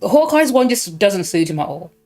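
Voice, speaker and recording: A woman's voice: mid-range voice, very animated, moderate pace, warm tone, soft background music. A woman hosting a casual gaming stream, joking and steering through a tier list.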